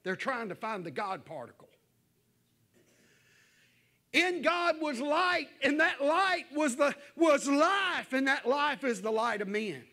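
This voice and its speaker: A man's voice: very high-pitched, very animated, slow pace, sharp tone. A male pastor, preaching an evening sermon in a folksy, conversational way that builds into fervent exhortation. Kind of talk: evening sermon to a church congregation. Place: church.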